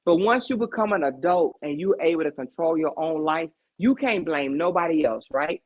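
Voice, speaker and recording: A woman's voice: low voice, expressive, moderate pace. Emphatic woman giving life advice, dull lo-fi sound. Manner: emphatic, preachy life advice with rhetorical questions. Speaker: podcast host. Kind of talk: casual heart-to-heart chat.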